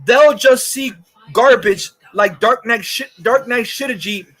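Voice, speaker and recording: A man's voice: extremely high pitch, measured pace, a bit bright. A man hosting a livestream, ranting angrily and profanely and reading chat comments aloud. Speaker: livestream host. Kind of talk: angry livestream rant.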